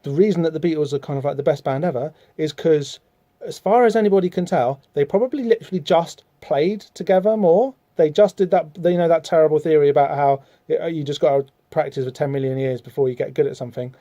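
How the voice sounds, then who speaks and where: A man's voice: fairly high pitch, quick pace, warm tone, no room sound, lo-fi sound. A man hosting a podcast, talking casually about a comic book with lots of fillers and rambling asides. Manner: rambling, chatty, many fillers, reads out dialogue in voices. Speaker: podcast host.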